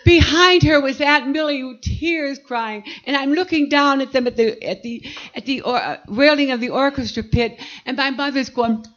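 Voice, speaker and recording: An older woman from Pennsylvania telling a personal story from her life, vivid and animated. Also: high voice, normal speed, hardly any pauses, lo-fi sound. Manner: vivid, animated recollection with acted-out quotes.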